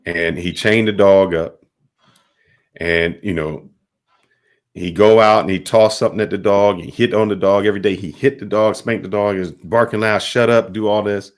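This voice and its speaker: A man's voice: on the low side, steady tone, moderate pace. A man hosting a talk podcast, telling a simple parable in plain casual speech. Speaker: podcast host. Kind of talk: reflective storytelling.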